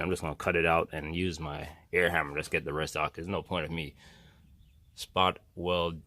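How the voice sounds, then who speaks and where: A man's voice: sits low, fairly bright tone, dry recording. A man casually walking through a car restoration project in a garage vlog, talking in a plainspoken, rambling way. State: out of breath. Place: home garage workshop.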